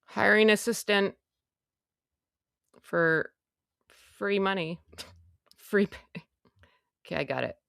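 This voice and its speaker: A woman's voice: medium pitch, takes it slowly, creaky, long pauses, a bit bright, no room sound, studio quality. A woman hosting a casual livestream, chatty and self-mocking, muttering to herself as she goes. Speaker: livestream host.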